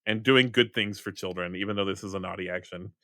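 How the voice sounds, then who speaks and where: A man's voice: deep voice, quick pace, a bit bright, no room sound, clean studio sound. A man running a tabletop game as game master, narrating in a rambling way, full of fillers and self-corrections.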